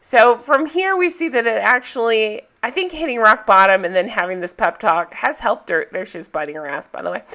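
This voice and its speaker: Bright, chatty woman recapping a movie. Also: a little high, lively intonation, brisk, hardly any pauses. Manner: chatty, giggly, enthusiastic retelling.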